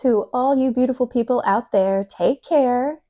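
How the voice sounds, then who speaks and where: A woman vlogger talks through food advice in a casual, upbeat way, cheering her viewers on. Her voice sits a little high, and she sounds like a friendly parent chatting. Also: a little slow, warm tone. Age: adult parent. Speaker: lifestyle vlogger.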